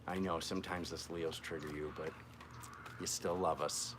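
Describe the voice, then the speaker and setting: A man's voice: a bass voice, steady tone, normal speed, noisy background. A man hosting a live-streamed tarot reading, chatting playfully and joking with his viewers as he works through the cards.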